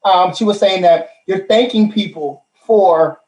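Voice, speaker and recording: Man, show host, casual chat, profane, excitable, echoey room. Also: high voice, a little slow. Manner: loud, profane, excitable hype. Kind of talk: casual live-stream chat. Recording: roomy echo.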